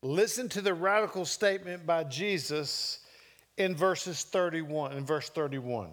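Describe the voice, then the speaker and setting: A man's voice: a little high, measured pace, fairly bright tone. A middle-aged man preaching a sermon, telling a personal story with emotion and earnest emphasis. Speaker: pastor.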